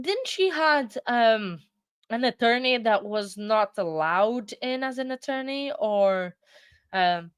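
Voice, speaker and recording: A woman's voice: medium pitch, dry recording, clean studio sound. A woman hosting a casual livestream, talking in a chatty, rambling way with lots of restarts, sleepy and yawning. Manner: rambling, self-interrupting, chatty. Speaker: livestream host. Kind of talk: casual live chat.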